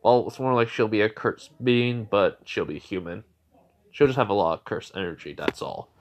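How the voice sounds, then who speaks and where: A man's voice: fairly low pitch, moderate pace. A man casually retelling a made-up fan story, rambling with lots of filler. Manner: rambling, heavy with fillers and restarts.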